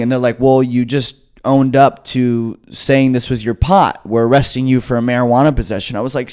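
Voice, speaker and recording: A young man co-hosting a comedy podcast, telling a story in a casual, animated way and acting out the voices of the people in it. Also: medium pitch, brisk, hardly any pauses, clear, resonant tone. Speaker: podcast co-host.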